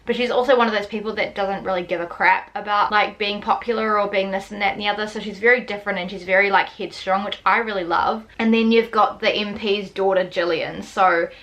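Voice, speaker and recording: Chatty young New woman, bright voice. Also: mid-range voice, steady tone, a little fast, hardly any pauses. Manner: chatty, lots of filler 'like'. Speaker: book vlogger. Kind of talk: casual chat.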